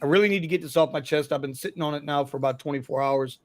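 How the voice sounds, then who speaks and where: High-voiced man hosting a livestream. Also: rapid-fire, a little mellow, no room sound. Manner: chatty, storytelling, slangy. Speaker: livestream host. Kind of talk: casual livestream chat.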